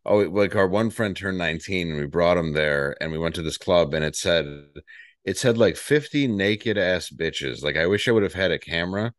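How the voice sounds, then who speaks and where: A man's voice: sits low, animated, moderate pace, no echo, clean studio sound. A man, a podcast guest telling stories in a laid-back, rambling way. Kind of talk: casual comedic storytelling.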